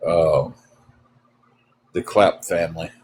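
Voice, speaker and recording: A man's voice: deep voice, fairly even intonation, takes it slowly, a little mellow, slight background noise, rough recording. A man, chatting casually to a livestream audience. He rambles in a folksy way, trailing off into fillers and restarting his sentences as he tells stories. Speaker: livestream host. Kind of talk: casual storytelling to live chat.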